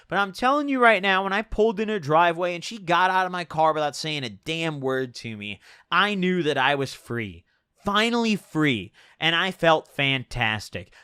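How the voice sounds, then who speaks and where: A young man telling a personal story on his channel, animated and exasperated, swearing freely. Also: a little high, no echo, studio quality. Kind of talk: storytime vlog.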